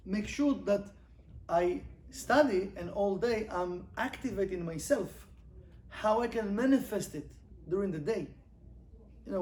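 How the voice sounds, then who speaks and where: High-voiced man teaching Kabbalah. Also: a little hiss or hum. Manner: animated, rhetorical questions, reads Hebrew quickly then translates. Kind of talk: informal class lesson.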